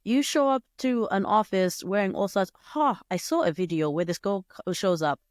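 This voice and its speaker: A young woman hosting a solo podcast, talking in a chatty, digressive way with sudden jumps up in pitch. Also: lively intonation, moderate pace, no echo, clean studio sound. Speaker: podcast host. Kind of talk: casual solo podcast monologue.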